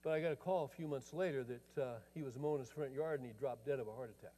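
A man's voice: mid-range voice, fast talker, warm tone. A middle-aged man preaching a sermon as a pastor, telling a story in a conversational way and quoting both sides of a dialogue. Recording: long reverb of a large hall.

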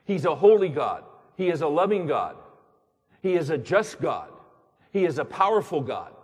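Very animated and a little high, with a breathy edge, a man preaches a sermon at normal speed. He is emphatic and repetitive, bombarding his audience with rhetorical questions amid the long reverb of a large hall.

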